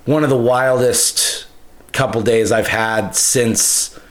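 Young man, podcast co-host, rambling profane storyteller, mid-pitched voice. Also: fairly even intonation, slow pace. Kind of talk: casual storytelling chat.

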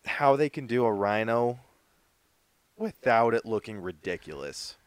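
Speaking at a measured pace, this podcast co-host has an animated mid-range voice with a clean tone, captured in a dry recording. He keeps things laid-back and loose, his casual talk full of "like" and "dude."

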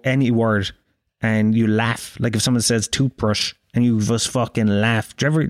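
An Irish man in his thirties telling a profane, animated anecdote in casual chat, acting out the quotes. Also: medium pitch, no echo, clean studio sound. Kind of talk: casual storytelling.

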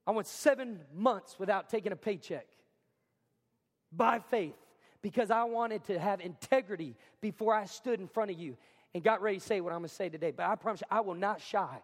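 A man preaching as a pastor, talking in an energetic, emphatic way and repeating lines for effect. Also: high voice, a little fast, in a large hall. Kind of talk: sermon. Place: school cafeteria or gym used as a church.

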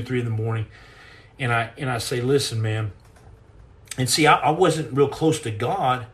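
Earnest man telling a story with restarts. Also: medium pitch. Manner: halting, repeats words and restarts often; earnest and intense, acts out quoted lines. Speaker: podcast host and storyteller. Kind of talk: spoken personal storytelling.

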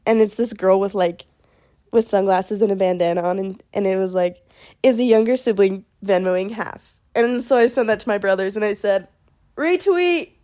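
A woman's voice: medium pitch, fairly even intonation, moderate pace, warm tone. Bubbly young woman chatting on a podcast. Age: young adult. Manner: bubbly, chatty, self-mocking. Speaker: podcast host. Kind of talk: casual solo podcast chat.

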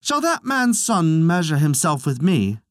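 A proud, jeering warrior brags over his past victories, as a man puts on his voice. The audiobook voice climbs a little higher than the reader's own and swings widely as he taunts his rivals. The recording is dry and close. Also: very animated, a little slow, no echo. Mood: taunting. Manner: mocking, proud boasting. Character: boastful, taunting adult male warrior of Connacht. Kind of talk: audiobook reading of a legend.

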